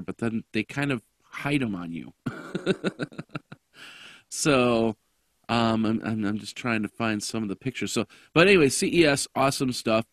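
A man hosting a casual tech podcast, his voice raspy and hoarse from a cough, rambling with lots of fillers and restarts. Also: fairly low pitch, no room sound, studio quality. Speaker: podcast host.

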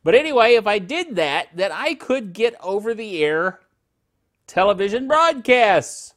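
A man's voice: sits high, sing-song, unhurried, fairly bright tone. A middle-aged man hosting a casual tech podcast from his living room, jokey and rambling, tripping over words and laughing at himself.

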